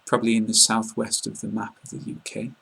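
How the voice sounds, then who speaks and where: A man with a southern English received-pronunciation accent, explaining pronunciation in an online lesson, calm and plain, pausing often with fillers. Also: fairly low pitch, vocal fry, slightly rough. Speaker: English teacher.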